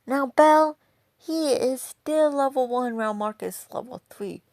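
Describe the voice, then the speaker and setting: Gravelly, rambling woman storyteller. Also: sits high, measured pace, darkish tone, dry recording, clean studio sound. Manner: rambling, profane, full of "you know". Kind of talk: casual fan-fiction storytelling.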